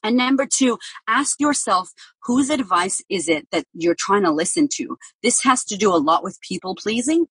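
Blunt, swearing mum. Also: female voice, on the high side, moderate pace, breathy edge, no room sound, poor audio. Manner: blunt, profane, animated storytelling with acted quotes. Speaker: parenting guest. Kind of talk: candid podcast conversation.

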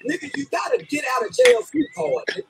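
In a played clip, a commentator with a very high, lively voice rants profanely and comically at a quick pace, laughing and half-crying as he talks. His tone is a bit bright, and the audio is poor.

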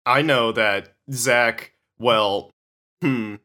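A young man chats casually as a podcast co-host. His voice is bright and clear, at a middle pitch. He rambles and giggles, filling gaps with um and like. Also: very slow. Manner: giggly, rambling, many fillers. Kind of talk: casual chat.

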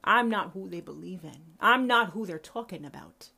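A woman's voice: mid-range voice, lively intonation, moderate pace, vocal fry, breathy edge, full character voice. A woman voicing a tender, protective female God who speaks intimately and reassuringly, with an occasional curse. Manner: soft, reassuring, profane.

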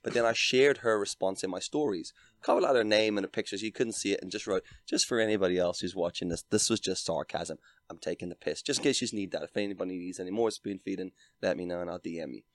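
A Northern Irish man in his thirties, a guest on a podcast, telling stories in a dry, deadpan way with lots of "like". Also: low voice, quick pace, few pauses, no room sound. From Northern Ireland. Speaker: podcast guest, content creator. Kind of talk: casual chat.

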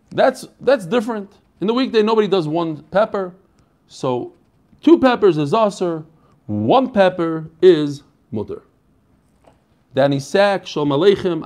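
High-voiced chatty man teaching. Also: a little mellow. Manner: chatty, asks questions and answers them himself. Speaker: Talmud teacher. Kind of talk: online Talmud class, casual explaining.

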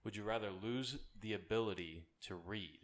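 A man's voice: on the low side, moderate pace. A man co-hosting a podcast, chatting casually and reading out a question to his friends. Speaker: podcast co-host. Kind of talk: casual chat.

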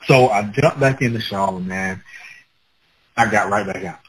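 A man with children telling a personal story in a casual, animated way, acting out his own past words with laughter. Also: lowish voice, normal speed, a little hiss or hum, low-quality recording. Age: adult with children.

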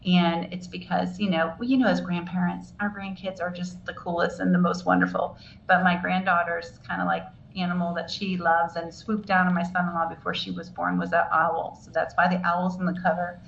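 A woman's voice: fairly low pitch, little pitch movement, a little fast, vocal fry, few pauses, fairly bright tone. An older woman, a children's book author, chatting as a guest in an enthusiastic, rambling way with many restarts. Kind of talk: casual interview chat. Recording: echoey, dull, faint noise.

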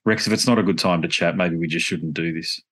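Australian male podcast host, rapid talker, casual rambling storyteller. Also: low-pitched, a bit bright, slightly rough. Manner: rambling, self-correcting storyteller. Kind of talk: casual chat.

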